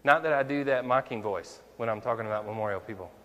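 A man's voice: mid-range voice, quick pace, a bit bright, big-room sound, muffled recording. A male minister preaching a conversational sermon, full of rhetorical questions to the congregation.

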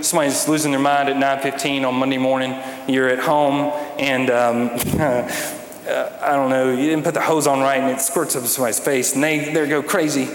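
A man preaching a sermon to a congregation, conversational with wry humor and rhetorical questions. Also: medium pitch. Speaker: pastor. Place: church sanctuary. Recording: echoey hall with faint room noise.

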